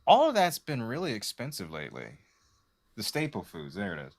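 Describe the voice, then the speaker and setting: A man's voice: lowish voice, huge pitch swings, a little fast. A man co-hosting a casual political livestream, talking in a profane, exasperated way. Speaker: co-host.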